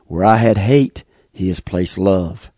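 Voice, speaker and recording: A man's voice: low-pitched, takes it slowly, dark tone, slightly rough, no echo, clean studio sound. A man giving an earnest, heartfelt personal religious testimony, often repeating his phrases. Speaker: speaker giving a faith testimony. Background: faint guitar music.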